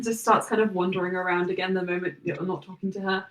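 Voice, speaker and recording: A woman runs a tabletop game as its game master, narrating in a relaxed way with frequent fillers. Her voice sounds roomy and comes from some distance away from the mic. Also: lowish voice, quick pace, few pauses.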